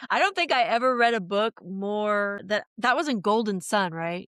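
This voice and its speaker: Rambling, animated woman on a podcast. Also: medium pitch, smooth, no room sound, clean studio sound. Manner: fast, rambling, animated storytelling with many restarts. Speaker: podcast guest. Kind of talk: casual podcast chat.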